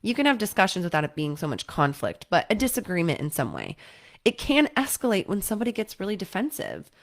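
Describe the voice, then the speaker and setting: A woman's voice: medium pitch, quick pace. A woman, a lawyer, giving casual relationship advice to camera in a conversational way, often checking in with "right?" and acting out quotes. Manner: lively, acts out quoted partners.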